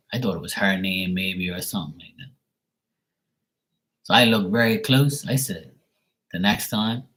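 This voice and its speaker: A man with a very low, husky voice talks on his livestream in a loose, rambling way. He is blunt and swears freely as he tells a story and reads out chat. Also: a bit bright, poor audio. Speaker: livestream host.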